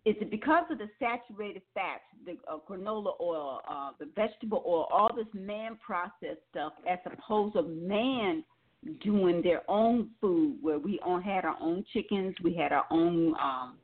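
A woman from Louisiana hosting a radio health show, conversational and inquisitive. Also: lowish voice. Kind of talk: radio call-in talk. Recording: tinny phone line.

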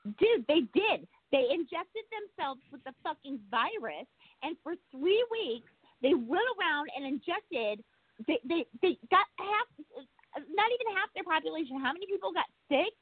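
A woman's voice: very high voice, dry recording. A woman in casual chat, ranting and swearing freely, easily worked up. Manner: profane, excitable, rants fast. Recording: tinny phone line.

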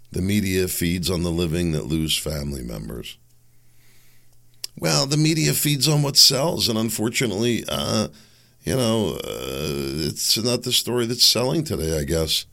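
Blunt, gravelly-voiced male talk host. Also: low-pitched, fairly bright tone. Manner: blunt, combative, sarcastic. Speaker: talk radio podcast host. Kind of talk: talk radio monologue.

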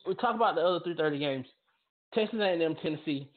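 A man's voice: a little high, lively intonation, quick pace. A man hosting a football talk radio show, speaking emphatically and often repeating and restarting his phrases. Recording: tinny phone-line audio.

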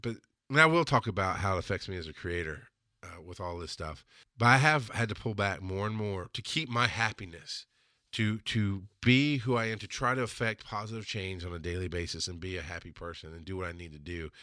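Man, podcast host, solo monologue, blunt, profane, heated rants, forceful bright voice, dry close sound. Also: sits low, a little fast, dry recording.

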